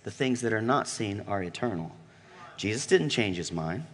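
A man preaching a sermon with emphatic delivery, shifting from loud calls to low murmurs and asking the congregation questions. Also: expressive, moderate pace, a little hiss or hum. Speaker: pastor.

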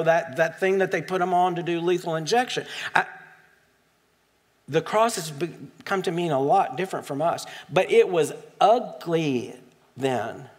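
Male pastor with a slightly high voice, reading scripture and explaining it in a relaxed, off-the-cuff way. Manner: casual, digressive, with self-deprecating asides.

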